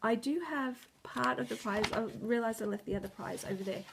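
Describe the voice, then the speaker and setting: A woman's voice: on the high side, a little fast, gravelly, noisy background. A tired, stressed woman hosting a knitting video podcast. She rambles, loses her words and laughs often. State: tired and stressed, close to tears. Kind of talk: casual chat.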